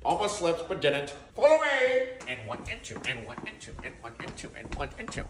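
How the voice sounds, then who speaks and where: A man's voice: fairly high pitch, wildly swooping pitch, brisk, reverberant, background noise. A man joking playfully in a comedy video, teasing and calling out. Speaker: comedy creator. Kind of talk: joking vlog commentary.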